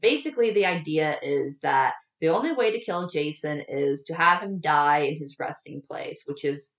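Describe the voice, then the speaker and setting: A woman with a low voice co-hosts a casual movie review podcast, and her speech swings widely as she acts out the characters' lines. She sounds a little far from the mic, in a roomy space with some echo. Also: moderate pace. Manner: animated, acts out characters' lines with big pitch jumps. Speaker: podcast co-host.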